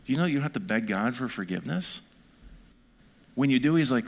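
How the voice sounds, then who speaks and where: Gravelly-voiced man preaching. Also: medium pitch, lively intonation, a little fast. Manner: conversational preaching, rising to emphatic peaks. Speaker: pastor. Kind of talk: sermon.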